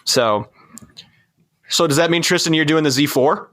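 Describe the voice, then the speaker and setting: A man's voice: a little high, moderate pace, fairly bright tone, no room sound, studio quality. A man co-hosting a casual car podcast, chiming in with wry asides. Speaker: podcast co-host.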